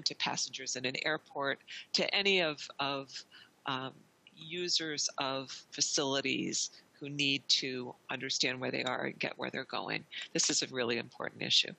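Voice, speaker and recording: A middle-aged woman with a very bright, ringing voice tells a story at length as a podcast guest. She talks in a chatty way, full of restarts and quoted dialogue. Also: very deep voice, creaky, rough recording. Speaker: wayfinding consultant, guest.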